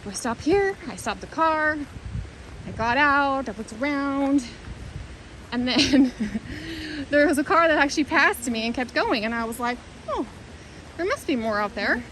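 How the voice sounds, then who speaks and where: A woman's voice: sits high, lively intonation, unhurried, pauses often, fairly bright tone, a little hiss or hum, poor audio. A woman talking to the camera while walking a hiking trail outdoors, thinking aloud in an earnest, rambling, reflective way. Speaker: vlogger.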